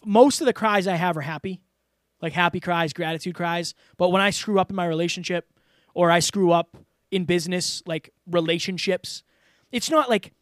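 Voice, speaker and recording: Guy with a pretty high voice, earnest and open, chatty with lots of fillers, dry close mic. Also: no echo. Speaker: podcast guest. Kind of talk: casual interview talk.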